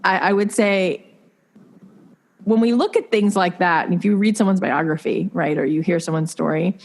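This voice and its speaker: A woman's voice: on the low side, moderate pace. A woman in her thirties, a podcast guest, telling candid personal stories in an earnest, confiding way with many likes and restarts. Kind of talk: candid conversational storytelling.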